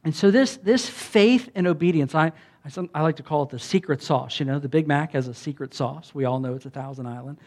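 A man's voice: fairly high pitch, brisk, a little mellow. A male pastor, preaching a sermon in a folksy, conversational way and asking the crowd rhetorical questions.

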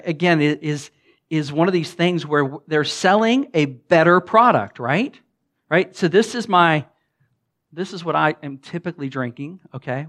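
A man with a Southern US accent, a pastor giving a chatty, humorous sermon full of stories, with loud bursts and quiet asides. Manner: animated, joking, swings between loud bursts and low asides; frequent fillers and restarts, chatty. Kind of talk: conversational sermon with humorous storytelling.

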